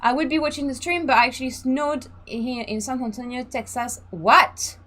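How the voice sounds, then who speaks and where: A woman's voice: high-pitched, steady tone, normal speed, fairly bright tone. A woman hosting a casual live stream, chatting freely, laughing and reading out the chat. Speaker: streamer and sim racing host.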